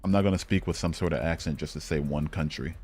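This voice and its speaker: He's a Michigan, United States streamer with a rumbling low voice, a bit mellow and slightly rough, talking at a quick pace over soft background music. As host, he chats casually during a geography game, profane and blunt, filling his out-loud thinking with fillers.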